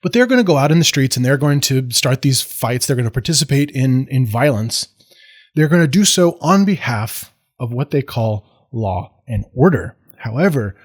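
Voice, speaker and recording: A man's voice: mid-range voice, a little mellow. An American man giving a history lecture in a casual, digressive way, with self-deprecating asides and restarts. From United States.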